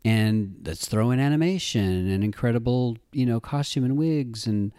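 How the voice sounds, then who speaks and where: A middle-aged man in a casual interview, telling stories in an animated way and acting out the people he quotes. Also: medium pitch, normal speed, few pauses, clear, resonant tone, dry recording, studio quality. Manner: animated storyteller, acts out quoted voices. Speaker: interview guest, actor-writer-director.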